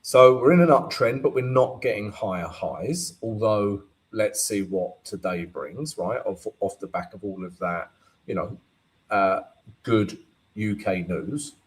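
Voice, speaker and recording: Guy doing a live forex stream, slow easygoing talk, keeps saying "right?" and "you know". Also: on the low side, rough recording. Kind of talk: live market analysis and Q&A.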